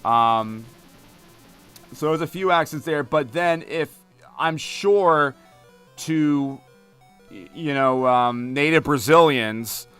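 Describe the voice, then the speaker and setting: A man's voice: fairly high pitch, takes it slowly, long pauses, fairly bright tone, clear, resonant tone, faint music behind. Chatty Philadelphia guy streaming a game. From Philadelphia area, United States. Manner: chatty, rambling, many fillers and restarts. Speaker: gaming streamer. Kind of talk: casual live-stream chat while playing.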